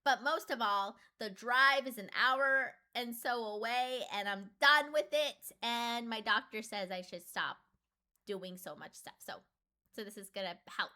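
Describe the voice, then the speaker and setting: Speaking a little slowly, a young woman has a laid-back chat with her stream. She leans on fillers, and her voice spikes higher in pitch as she gets excited.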